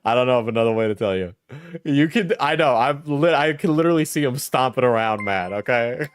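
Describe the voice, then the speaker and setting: A man's voice: mid-range voice, lively intonation, a little fast, a little hiss or hum. A man reacting to a clip as a streamer, mocking and profane, with bursts of laughter. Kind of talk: reaction commentary.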